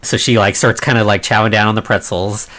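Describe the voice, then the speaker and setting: A man's voice: fairly low pitch, steady tone, fairly quick, sharp tone. Chuckling man recapping a film. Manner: chuckles often, loose and rambling. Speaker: podcast co-host. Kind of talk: casual film recap chat.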